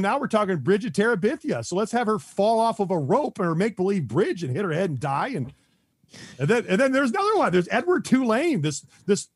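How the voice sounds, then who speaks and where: Husky guy on a podcast, rambles with tons of ums, dry close sound. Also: sits high, no room sound. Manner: rambling, heavy on fillers and restarts, chuckles often. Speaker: podcast guest. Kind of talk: casual podcast chat.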